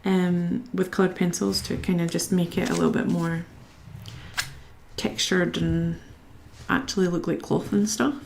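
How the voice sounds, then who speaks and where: A young Scottish woman chats casually with her live-stream viewers as she colours, reading their comments aloud and talking to herself while she works. Her voice is fairly low and dark, with little pitch movement, a slightly slow pace, and some vocal fry. A little hiss or hum sits in the background.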